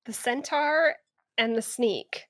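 A woman podcast co-host summarizing a book chapter in casual, halting chat. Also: fairly high pitch, no room sound, clean studio sound. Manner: hesitant, lots of restarts.

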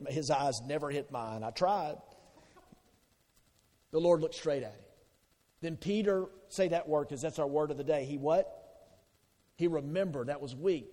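A man preaching a sermon as pastor, conversational and animated, asking the congregation questions. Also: a little high. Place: church sanctuary. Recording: long hall reverb.

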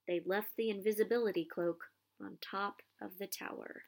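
At a moderate pace and with a mid-range voice, a woman brings a children's novel to life through expressive read-aloud storytelling.

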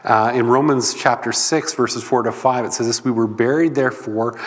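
A man's voice: mid-range voice, moderate pace, big-room sound. A man preaching a sermon in a loose, conversational teaching manner. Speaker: pastor.

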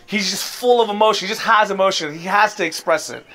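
High-voiced earnest male pastor preaching. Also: fast, bright, forceful tone. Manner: earnest, rising to impassioned appeals. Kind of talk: sermon.

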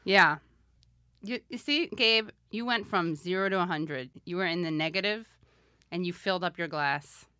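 A woman's voice: lowish voice, normal speed, bright, forceful tone, no room sound. Playful bantering woman hosting a talk show. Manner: playful, bantering, laughs often. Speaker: podcast host. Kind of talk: casual political talk show chat.

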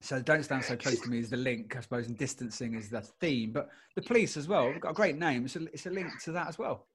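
A man's voice: medium pitch, fast, husky. A man in his forties hosting a music podcast, chatting casually with a wry, self-deprecating humor. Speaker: podcast host. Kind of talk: casual chat.

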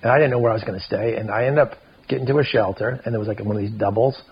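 A man, a podcast guest, tells a story casually, full of "like" and quick asides. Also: breathy edge, lo-fi sound. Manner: animated, lots of filler "like", jumps into high voices for quotes.

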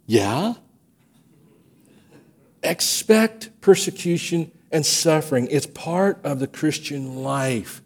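A man preaching a sermon as pastor of a church, telling stories and acting out quotes with lively energy. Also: fairly high pitch, slow pace, long pauses. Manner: animated storytelling, acts out quotes. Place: church sanctuary.

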